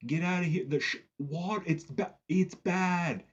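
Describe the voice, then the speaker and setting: A man putting on a high, stammering falsetto as a panicked stranded young woman, recorded with dull lo-fi sound. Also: a little slow, husky.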